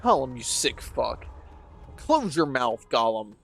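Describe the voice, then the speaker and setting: A man's voice: mid-range voice, very animated, takes it slowly, gravelly, fairly bright tone, breathy edge, faint music behind. A man casually commenting on gameplay, rambling and joking at his own expense. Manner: rambling, joking, self-deprecating. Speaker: let's play streamer.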